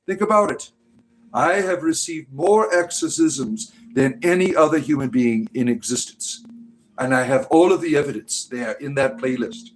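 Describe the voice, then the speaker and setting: A man's voice: a little high, expressive, moderate pace, rough recording. A man hosting a casual, rambling stream, talking in a sarcastic, mocking way. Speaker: host. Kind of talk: casual livestream chat.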